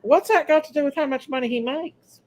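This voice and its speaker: A woman's voice: high voice, fairly quick, darkish tone. A woman hosting a casual live-stream chat, defensive and bickering back at a guest.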